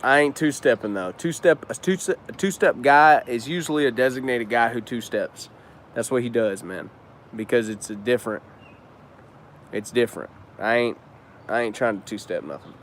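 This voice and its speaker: A man's voice: mid-range voice, moderate pace, slight background noise. Slangy man chatting on a live stream. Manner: loose, slangy, cusses freely. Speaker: business owner and trainer hosting a live stream. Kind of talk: casual live-stream chat answering viewers.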